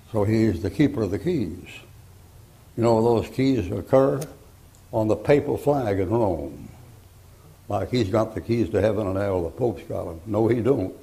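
An older preacher delivers a folksy sermon full of jokes and acted-out stories. His voice is dark and gravelly, and it sounds like a live church recording. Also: fairly low pitch, moderate pace.

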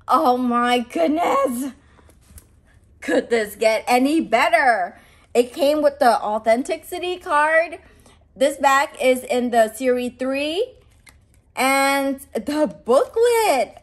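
A woman vlogger gushing over a purse she is unboxing, talking excitedly with lots of fillers and breathless exclamations. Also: high-pitched, slow pace. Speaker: fashion vlogger.

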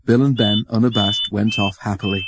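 A man reading a children's storybook aloud, expressive and acting out the story. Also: fairly low pitch, brisk, background noise. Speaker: narrator.

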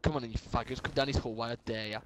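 A man's voice: mid-range voice, steady tone, rapid-fire, noisy background. A young man giving casual, sweary gameplay commentary and trash talk as host of a gaming channel.

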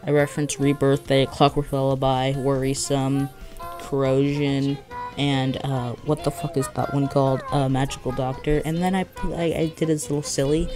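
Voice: medium pitch, flat delivery, moderate pace. Casual vlog commentary, rambling, giddy, restarts often, has a headache, mid-range voice, faint background music. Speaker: video creator.

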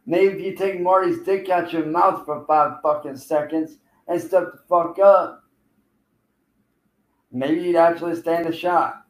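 A man's voice: fairly high pitch, steady tone, measured pace. Man trash-talking on a livestream, echoey. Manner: taunting, profane, calling out a rival. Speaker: streamer.

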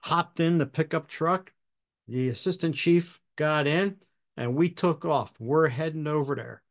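A man hosting a podcast, telling a fire service story in a measured, deliberate way with pauses. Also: on the high side. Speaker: podcast host and fire officer instructor. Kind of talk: storytelling anecdote.

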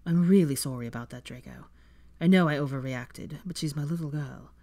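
A fan fiction reader voicing an apologetic young father who speaks softly and pleads. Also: mid-range voice, fairly quick, natural voice. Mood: pleading. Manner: pleading, soft.

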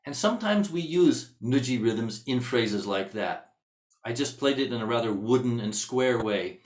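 A man of middle pitch leads a music workshop, explaining technique in a thoughtful, searching manner. He sounds like he is addressing a class, and the recording carries a noticeable roomy echo. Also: animated, moderate pace. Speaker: music teacher. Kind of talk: instructional workshop lecture. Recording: echoey room sound.

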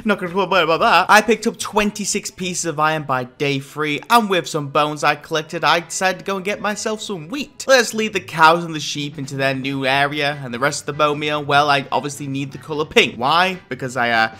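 A man's voice: a little high, normal speed, hardly any pauses, pushed and bright. A young man narrating a game playthrough in a chatty, joking way. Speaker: gaming video narrator. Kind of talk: casual let's-play narration. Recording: light background music.

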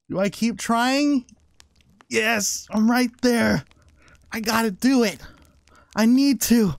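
High-voiced swearing gamer man. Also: extremely slow, gravelly, pauses often. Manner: swears constantly, talks to his sled dogs and the game. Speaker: gaming channel host. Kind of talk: casual let's-play commentary.

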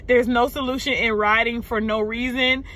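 A woman, venting unscripted to her viewers from a parked car. She is upset and shaken, sighing, halting and repeating words. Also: fairly high pitch, fairly even intonation, fairly bright tone. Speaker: vlogger. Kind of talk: unscripted emotional vent to camera. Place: parked car in a parking lot.

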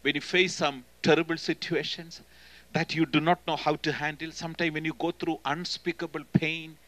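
A man with an Indian accent preaching a sermon in church as a guest speaker, emphatic and swinging between loud and hushed delivery. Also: a little high, little pitch movement, normal speed, dry recording, poor audio. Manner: emphatic, often calling "hello?" to the congregation.

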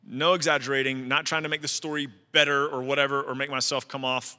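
A man's voice: mid-range voice, flat delivery, quick pace, bright, forceful tone, clean tone, big-room sound. A man preaching a sermon as a pastor, telling a personal story in a conversational way with asides to the congregation. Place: church sanctuary.

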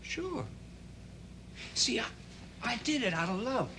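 An earnest, idealistic teenage boy in a 1960s TV drama, his voice high, bright and lively. He rambles and stumbles through his thoughts with constant restarts. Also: slight background noise, exaggerated voice. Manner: halting and rambling, full of restarts.

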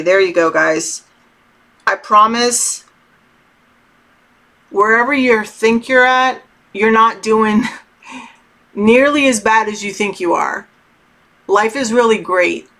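A middle-aged woman giving casual spiritual advice to her viewers, talking slowly and candidly with many fillers and some swearing. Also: fairly high pitch, bright, forceful tone. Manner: candid, loose and swears freely; slow, meandering talk with many fillers. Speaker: tarot channel host.

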